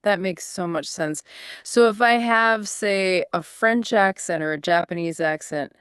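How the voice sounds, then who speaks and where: Woman co-host asking eager questions, smooth voice, dry close sound. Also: medium pitch, measured pace, fairly bright tone, no echo. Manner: curious, asks follow-up questions. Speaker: podcast co-host. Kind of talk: scripted teaching dialogue.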